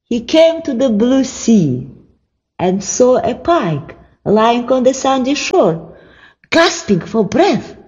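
A storyteller reading a fairy tale aloud in a slow, expressive way. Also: mid-range voice, in a large hall, lo-fi sound.

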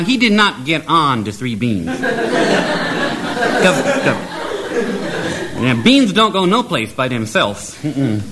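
A man's voice: fairly high pitch, pushed and bright. A man telling a comic folk tale in playful, mock-broken grammar, often chuckling. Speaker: storyteller. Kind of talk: comic oral storytelling.

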